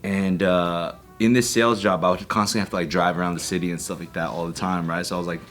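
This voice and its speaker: A man's voice: deep voice, level tone, fast, a bit bright, soft background music. A man on a podcast telling a rambling, profane story, full of fillers. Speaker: podcast guest. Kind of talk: casual chat.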